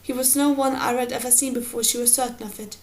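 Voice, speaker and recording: A woman narrates a fantasy audiobook in a steady, measured way. Her voice sits a little above most women's. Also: on the high side, rough recording. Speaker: audiobook reader.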